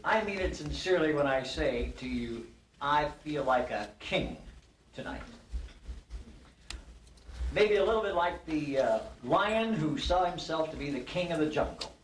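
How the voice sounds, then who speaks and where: Older man telling a folksy story in a lively, sing-song voice, a bit high for a man. He is heard from a distance in an echoey banquet hall with faint hiss. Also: measured pace. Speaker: honoree giving acceptance speech. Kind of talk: after-dinner speech with a told joke. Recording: roomy hall recording from a distance.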